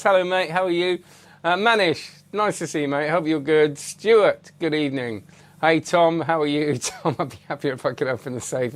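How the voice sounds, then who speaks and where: A middle-aged British man hosting a magic review channel, chatting casually and rambling while greeting viewers by name. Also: a little high. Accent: British English. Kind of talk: casual live-stream chat.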